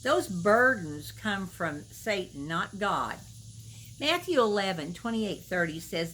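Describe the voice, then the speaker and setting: A middle-aged woman delivers a devotional message straight to the viewer. She talks in a folksy, storytelling way and keeps asking the listener pointed questions. Her voice sits at an ordinary middle pitch, with a faint hiss in the background. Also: big pitch swings, slow, a bit bright, poor audio. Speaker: Christian video minister. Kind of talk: devotional talk to camera.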